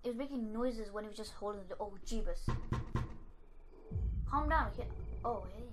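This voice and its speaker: A woman's voice: fairly high pitch, moderate pace, rough recording. A woman giving let's-play commentary on a horror game, jumpy and talking to the characters on screen. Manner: jumpy, talks to game characters, frequent yelps and nervous laughs. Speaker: gamer playing a horror game. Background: game music.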